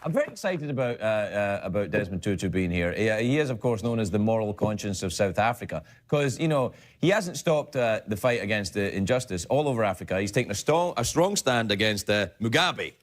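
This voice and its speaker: A man's voice: on the low side, expressive, fairly quick, hardly any pauses. A middle-aged man from Glasgow, Scotland, with a Scottish accent, delivering a rambling late-night comic monologue and laughing at his own jokes. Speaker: late-night talk show host.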